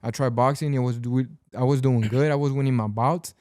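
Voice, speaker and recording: A man's voice: mid-range voice, fairly even intonation, a little fast, mellow, no echo, clean studio sound. A young man from Los Angeles with a Mexican-American accent and a Sinaloan mother, telling stories as a podcast guest. He talks casually, switches between Spanish and English, says "bro" often and acts out the people he quotes. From Pacoima, California, with a Sinaloan mother. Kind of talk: casual storytelling chat.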